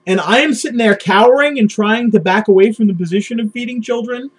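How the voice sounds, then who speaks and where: A man's voice: high-pitched, fast, husky. A man co-hosting a podcast, laying out his ideas in casual political talk. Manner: lays out theories, acts out quotes. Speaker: podcast co-host.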